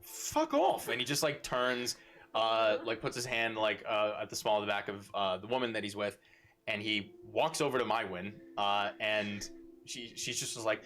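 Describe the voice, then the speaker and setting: A man's voice: on the low side, fairly even intonation, normal speed, sharp tone, soft background music. Fields: laid-back male game master. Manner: rambling, filler-heavy, amused. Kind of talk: live tabletop game narration.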